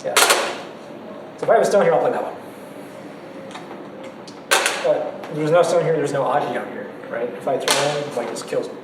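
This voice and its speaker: A man's voice: a little high, lively intonation, brisk. A man giving a casual go lecture in a classroom, chatty and laughing between points. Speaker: go teacher. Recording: echoey room, distant mic, noisy.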